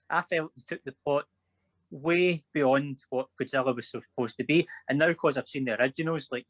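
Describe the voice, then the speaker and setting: A man's voice: a little high, a bit bright, dry recording, rough recording. A man co-hosting a casual film chat, rambling loosely and repeating himself. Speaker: podcast co-host.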